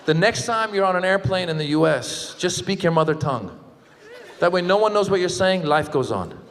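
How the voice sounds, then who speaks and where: A man from the Middle East doing a stand-up comedy set on stage, animated and quick to slip into exaggerated voices. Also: sits high, a little hiss or hum. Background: audience laughter.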